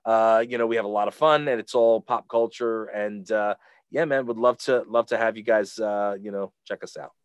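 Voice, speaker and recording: A man's voice: on the low side, moderate pace, clear, resonant tone, no room sound. A man, a podcast guest, telling a casual story full of fillers and restarts. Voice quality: rambling with many fillers.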